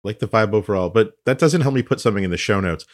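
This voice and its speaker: A man hosting a comics podcast, steering the casual chat in a lively, teasing way. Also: fairly low pitch, fast. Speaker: podcast host.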